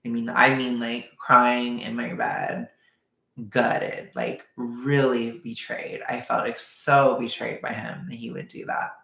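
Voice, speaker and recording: A man's voice: medium pitch, flat delivery, takes it slowly, creaky, bright, forceful tone. A man vlogger telling a personal story in a candid, emotional, rambling way. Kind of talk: storytime vlog. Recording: echoey room.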